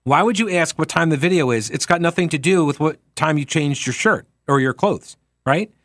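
Man analyzing a trial in a lively, rhetorical way. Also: fairly high pitch, moderate pace, no room sound, studio quality. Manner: animated, acts out quoted speech with rhetorical questions. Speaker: talk show host. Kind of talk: commentary on a trial.

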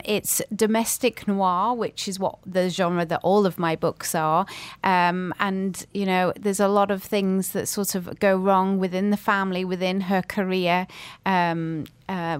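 A woman novelist talking about her books in a relaxed radio chat, with frequent ums. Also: lowish voice, smooth, no echo. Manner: chatty, many ums, thoughtful. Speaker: author guest. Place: Dubai.

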